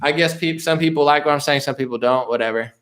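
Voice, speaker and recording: A man's voice: mid-range voice, fast, fairly bright tone. A man hosting a casual political live stream, reading viewer comments aloud and answering them in a loose, rambling way with frequent restarts and dismissive asides.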